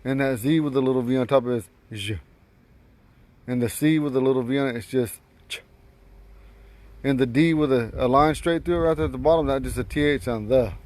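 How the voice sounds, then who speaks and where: A man's voice: mid-range voice, quick pace, few pauses, darkish tone, dry recording, poor audio. A man teaching a language in a casual, rambling livestream lesson, often repeating and correcting himself.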